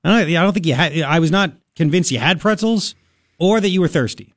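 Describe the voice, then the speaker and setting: Lively, animated male radio host. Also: a little high, a little fast, no echo, studio quality. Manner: animated, laughing, mocking voices. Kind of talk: casual talk radio banter.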